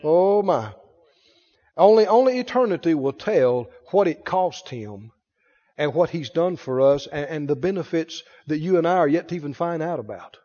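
High-pitched preacher guy, voice swooping all over, fervent call and response, long church echo. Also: lively intonation, normal speed, mellow, muffled recording. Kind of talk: sermon.

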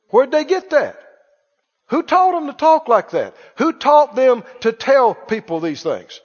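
A man preaching a sermon in an animated, emphatic way, repeating his key lines for stress. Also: extremely high pitch, measured pace. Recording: long church reverb, dull lo-fi sound.

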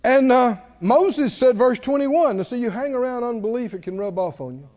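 A man preaching a sermon, emphatic and animated, who laughs at his own asides. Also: very high voice, moderate pace. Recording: long hall reverb, dull sound.

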